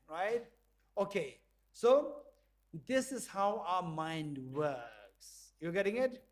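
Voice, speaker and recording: A man's voice: sits high, animated, slow pace. A man lecturing and leading a group exercise, acting out little dialogues and laughing often. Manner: playful, acts out dialogue in small voices and laughs often. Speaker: visiting professor lecturing. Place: lecture hall.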